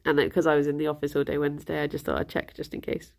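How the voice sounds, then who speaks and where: A woman's voice: sits low, completely flat delivery, racing, a little mellow. A young woman chatting casually with her stream viewers, rambling and giggly, sounding a little bunged up. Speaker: livestream host.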